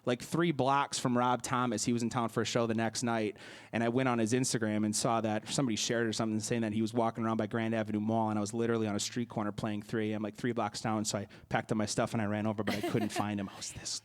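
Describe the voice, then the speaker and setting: A man's voice: lowish voice, level tone, quick pace. A young man, a singer-songwriter from the Milwaukee area, answering interview questions in a casual, hesitant way with many fillers and restarts.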